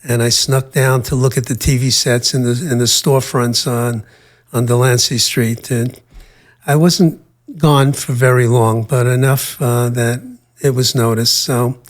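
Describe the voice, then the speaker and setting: Older guy telling his story in an interview, slow and thoughtful, lots of uh and um, ordinary mid pitch. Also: level tone. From United States. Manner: measured, with frequent hesitations and fillers. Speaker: interview guest.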